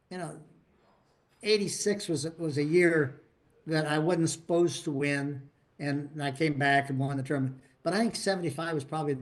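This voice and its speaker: An older man with a slightly raised pitch, telling a long story as a podcast guest. He rambles, stumbles over his words and starts sentences again. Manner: rambling, frequent restarts and repeated words. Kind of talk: casual storytelling.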